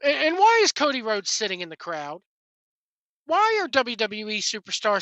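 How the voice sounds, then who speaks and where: A woman's voice: fairly high pitch, wildly swooping pitch, normal speed, fairly bright tone, no room sound, lo-fi sound. A woman giving a rambling, exasperated opinion rant as a wrestling podcaster, often repeating words as she goes.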